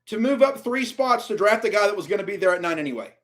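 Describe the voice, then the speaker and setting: A man with a high-pitched voice rants through a live draft reaction stream. He mutters low and grumbling, then bursts out louder in exasperation. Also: expressive, fast. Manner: exasperated ranting, swings from muttering to outbursts.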